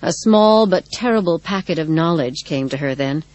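A woman narrating a dark story in a measured, dramatic reading. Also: deep voice, animated, dry recording, low-quality recording. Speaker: audiobook narrator. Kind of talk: scripted narration.

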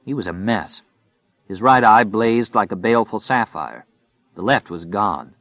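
A man with a low voice narrating a story in a steady, measured way. The recording is close and dry, and its sound is dull and lo-fi. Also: dry recording. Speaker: audiobook narrator. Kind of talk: scripted narration.

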